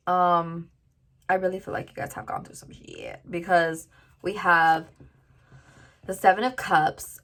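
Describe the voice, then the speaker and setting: A woman's voice: lowish voice, a bit bright. A woman giving a casual tarot reading to viewers, chatty and full of "like" fillers. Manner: chatty, lots of "like" fillers, addresses viewers directly. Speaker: tarot reader.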